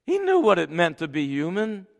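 Male pastor, sermon delivery, loud-to-soft dynamics, slightly high pitch, long hall reverb. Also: wildly swooping pitch, moderate pace, creaky. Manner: swings from loud forceful scripture reading to soft tender near-whisper. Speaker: preacher.

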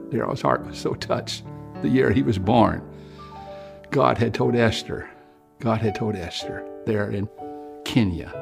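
An older man with a lowish, vocal-fry voice preaches an evangelistic sermon, pleading earnestly with the listener. Music plays behind him.

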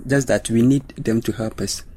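A man speaking on a faith panel, explaining scripture in a measured, teacherly way. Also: medium pitch, steady tone, darkish tone, no room sound. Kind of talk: panel discussion on Bible study.

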